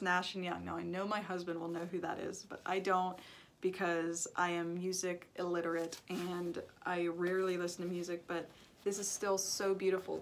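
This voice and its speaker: A woman's voice: fairly low pitch, slight background noise. Gushing chatty young woman unboxing. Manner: gushing and chatty, many "like"s, excited exclamations. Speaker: YouTuber opening fan mail. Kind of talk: casual chat. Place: indoor studio. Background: paper crinkling and clicks.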